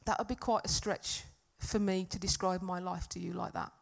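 A woman preaching a sermon to a congregation, earnest and emphatic, swinging from loud peaks to soft, quiet stretches. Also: fairly low pitch, fairly even intonation, moderate pace, gravelly. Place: church hall with congregation.

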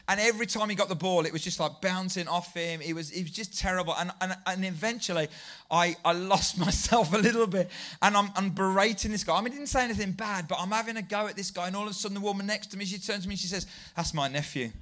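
A man preaching to a congregation, animated and self-deprecating as he tells a story. His voice sits high and sounds bright and ringing. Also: fast talker. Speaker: pastor. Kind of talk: sermon.

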